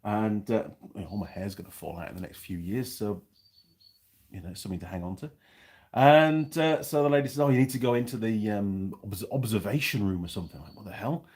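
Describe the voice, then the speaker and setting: NZ bloke, low husky voice, rambling self-mocking storyteller for a casual vlog. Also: male voice, a little fast, darkish tone. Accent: New Zealand. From New Zealand. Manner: rambling, self-mocking, restarts mid-sentence. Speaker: vlogger.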